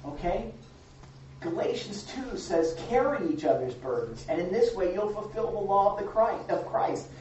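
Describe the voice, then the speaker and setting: A woman's voice: mid-range voice, expressive, moderate pace, mellow, slight background noise. A woman preacher giving a candid, conversational sermon with frequent restarts, recorded from a distance in a church hall. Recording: echoey dull recording from a distance.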